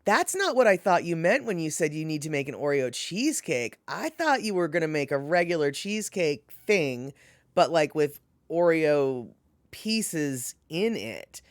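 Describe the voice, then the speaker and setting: A casual, talkative woman hosting a live stream and answering her chat. Her pitch swoops up and down as she rambles and laughs. The sound is dry, with no room echo. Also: a little slow. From Washington state. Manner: animated, chatty, laughs often, lots of fillers. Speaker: livestream host reading chat.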